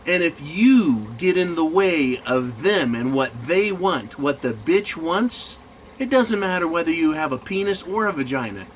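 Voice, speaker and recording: A man's voice: fairly high pitch, expressive, a little slow, slight background noise, poor audio. A man in management ranting crudely and mockingly in a profane monologue. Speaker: commentator.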